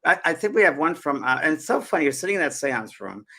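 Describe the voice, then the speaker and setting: A man hosting a show, telling an animated personal story in casual chat. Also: a little high, quick pace. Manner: animated, repeats and restarts often. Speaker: host.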